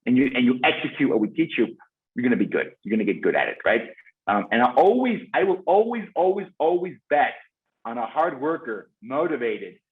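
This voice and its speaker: A man guest expert talking fast and with passion in a webinar, repeating words and restarting sentences. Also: mid-range voice, big pitch swings. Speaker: guest expert on phone sales teams. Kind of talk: fast enthusiastic webinar talk. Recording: tinny phone-like call audio.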